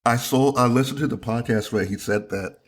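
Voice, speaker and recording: A man's voice: medium pitch, brisk. A man co-hosting a podcast, a stand-up comedian chatting casually and laughing often. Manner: laid-back, laughs often, trails off and restarts.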